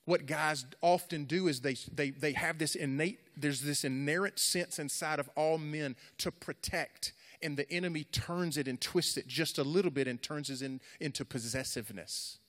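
A man's voice: a little high, moderate pace, few pauses, fairly bright tone. A middle-aged man preaching to young people in an earnest, repetitive, conversational way. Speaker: youth pastor. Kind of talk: sermon. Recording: echoey hall.

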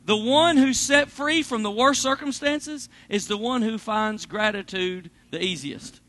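A man preaching a sermon, animated, swinging between loud bursts and hushed asides. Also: sits high, measured pace. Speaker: pastor.

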